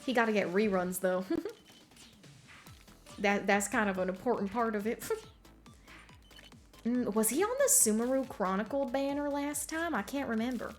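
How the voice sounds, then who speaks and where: A woman's voice: fairly high pitch, moderate pace, pauses often, soft background music. A woman streamer chatting casually with her viewers while gaming, bubbly and giggly, full of slang.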